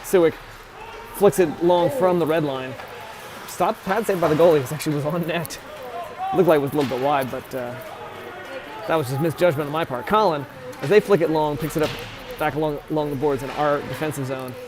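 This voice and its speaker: A man's voice: fairly high pitch, brisk. A man giving casual play-by-play of a youth hockey game, chatty and often correcting himself on player names. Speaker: amateur play-by-play commentator. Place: ice rink.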